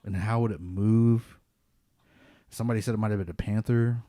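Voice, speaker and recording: In a casual podcast chat, this low, warm-voiced man tells a ghost story from his own life at ordinary speed. He drifts along in a relaxed, rambling way, leaning heavily on "like." It's a dry, close recording.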